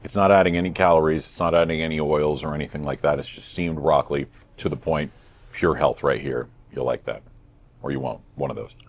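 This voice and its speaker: A man in his thirties hosting a casual food review vlog, playful and self-mocking with deadpan jokes. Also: extremely low pitch, brisk. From United States. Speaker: host.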